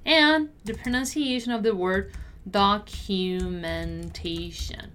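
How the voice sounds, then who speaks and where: A woman teaching business English pronunciation, repeating words and phrases slowly and deliberately for learners to copy. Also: fairly high pitch, a bit bright, slight background noise. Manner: slow, deliberate repetition of words. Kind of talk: pronunciation lesson.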